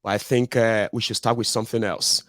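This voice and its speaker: Brief: Nigerian-accented male podcast host, low-pitched and blunt, rambling and digressive, dry close sound. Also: level tone, fairly quick, fairly bright tone, dry recording. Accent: Nigerian English. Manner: digressive, blunt, peppered with pidgin tag questions. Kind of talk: casual ranting monologue.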